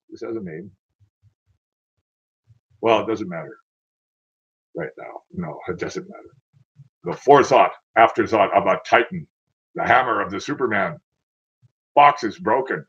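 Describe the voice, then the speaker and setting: A man's voice: lowish voice, expressive, measured pace, pauses often, fairly bright tone, husky, dull audio. A man reading his own poetry aloud in a dramatic, declaiming way, with casual asides between poems.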